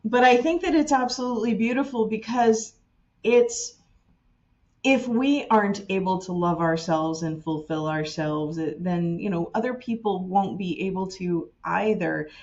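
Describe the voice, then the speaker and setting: A woman hosting a podcast, speaking in a warm, affirming, reflective way. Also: medium pitch, unhurried, highs cut off. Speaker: podcast host. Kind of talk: casual conversation.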